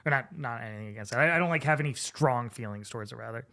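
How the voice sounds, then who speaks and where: A man's voice: medium pitch, racing, vocal fry, sharp tone. A man co-hosting a casual gaming podcast, laid-back and dry, giving understated takes. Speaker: podcast co-host.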